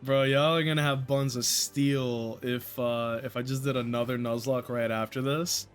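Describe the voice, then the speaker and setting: Male streamer, excitable and jokey, mid-pitched voice, faint game music behind. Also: moderate pace. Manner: joking, excitable, laughs often, swears, talks to chat. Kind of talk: live gameplay commentary.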